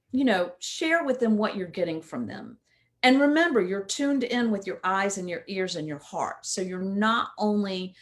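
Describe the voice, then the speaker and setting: A woman coach talks through a lesson in a relaxed, chatty way. Her pitch sits mid-range but swings widely and expressively, and she keeps checking in with her listeners with a quick "right?". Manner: conversational, often asks "right?". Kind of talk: casual instructional talk.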